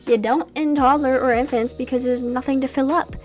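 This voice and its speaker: Young woman, casual gameplay voice-over, slightly high, rambling and animated, faint music under. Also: fast talker, hardly any pauses. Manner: chatty, rambling, animated asides. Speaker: Sims gameplay creator.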